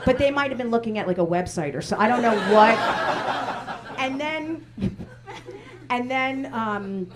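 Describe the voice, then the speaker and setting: A woman's voice: on the high side, lively intonation, a little slow, long pauses, very noisy. A woman stand-up comedian telling stories in a wry, exasperated way on a club stage. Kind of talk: stand-up routine. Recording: live club with loud crowd laughter.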